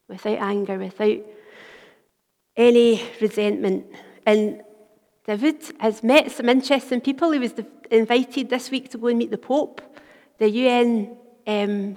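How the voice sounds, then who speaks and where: Woman preaching in a reverberant church. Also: fairly high pitch. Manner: earnest storytelling, softening to a hush for quoted words. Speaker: minister. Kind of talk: sermon.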